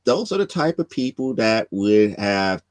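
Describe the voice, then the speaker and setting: A woman's voice: a bass voice, measured pace, dry recording. A woman co-hosting a podcast, joking and laughing in casual chat. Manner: lively, joking, laughs a lot. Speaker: podcast co-host.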